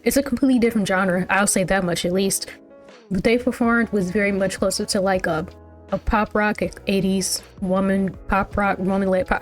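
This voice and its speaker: Chatty woman rambling through a reaction. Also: medium pitch. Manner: rambling, chatty, full of "like" and restarts. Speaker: music reaction channel host. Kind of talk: casual reaction commentary.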